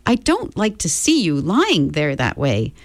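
A woman's voice: sits low, huge pitch swings, a little slow, dry recording, exaggerated voice. A woman voicing an earnest small boy. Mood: reproving.

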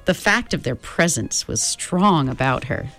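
A woman narrating a storybook with an expressive, lively, swinging delivery. Faint music plays beneath her reading. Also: deep voice, measured pace. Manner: expressive, voices each character. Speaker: audiobook narrator.

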